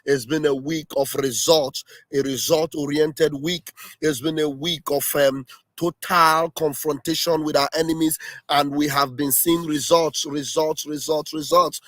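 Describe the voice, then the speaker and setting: A man hosts a livestream in a high, bright, ringing voice, heaping up exclamations and often breaking into shouts. His sound is close and dry. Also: steady tone, unhurried, no room sound. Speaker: livestream host. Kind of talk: impassioned political livestream commentary.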